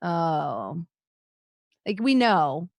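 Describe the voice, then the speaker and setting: A woman's voice: lowish voice, sing-song, drawn-out words, no echo, studio quality. A woman in her thirties chatting casually as co-host, candid and swearing freely, laughing often. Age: 30s. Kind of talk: casual chat.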